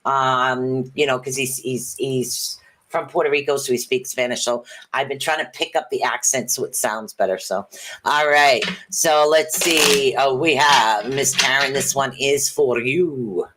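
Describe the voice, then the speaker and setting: A woman's voice: rumbling low, unhurried, a bit bright, a little hiss or hum. A woman hosting a livestream of tarot readings. She talks in a chatty, rambling, upbeat way, with many fillers and restarts. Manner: upbeat and encouraging.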